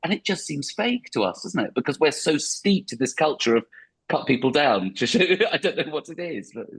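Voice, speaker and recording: Husky middle-aged man, chatty and self-mocking. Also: a little high, very animated, normal speed, poor audio. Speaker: comedian guest. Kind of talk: casual interview chat.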